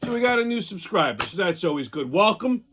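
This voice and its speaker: A man's voice: sits high, sing-song, brisk, fairly bright tone, slightly rough. Blunt, profane man hosting a show. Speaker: host. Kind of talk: casual rambling monologue.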